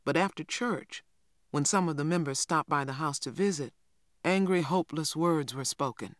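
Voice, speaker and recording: A man reading a children's novel aloud in steady scripted narration. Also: a little high, moderate pace, dry recording, studio quality. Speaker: audiobook narrator.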